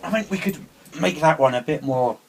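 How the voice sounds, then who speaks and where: A man's voice: fairly high pitch, expressive, a little fast, poor audio. A young man co-hosting a casual chat, talking hesitantly with many restarts and frequent laughs. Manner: hesitant, chatty, laughs often. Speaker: co-host.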